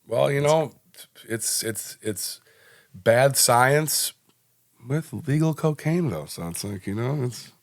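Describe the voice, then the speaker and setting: A man's voice: mid-range voice, lively intonation, slow. A young man co-hosting a podcast, chatting casually and rambling with many fillers and restarts. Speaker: podcast co-host. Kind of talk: casual chat.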